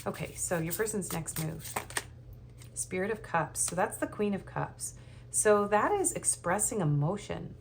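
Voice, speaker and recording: A woman's voice: fairly low pitch, expressive, measured pace, creaky, a little hiss or hum. Nervous woman rambling through a tarot reading. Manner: rambling, hesitant, with many ums and soft laughs. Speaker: tarot reader. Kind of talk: casual tarot reading monologue.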